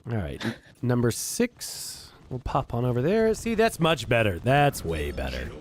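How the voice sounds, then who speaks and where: A man's voice: medium pitch, sing-song, measured pace. A man streaming a space game, chatting casually with teammates in a blunt, profane, ranting way. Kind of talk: casual gaming chat.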